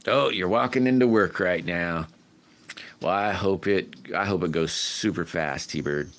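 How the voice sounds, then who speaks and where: Deep slow-talking male livestreamer. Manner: rambling, friendly, whoops loudly when greeting viewers. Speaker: livestream host. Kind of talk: casual livestream chat reading viewer comments.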